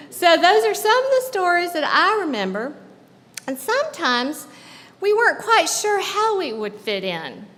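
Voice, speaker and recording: A woman from the American South giving a personal storytelling talk on stage at a live show. She keeps it conversational, checking in with the audience with quick tag questions. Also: very high-pitched, very animated, a bit bright, in a large hall. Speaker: guest speaker. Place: live show at a club venue.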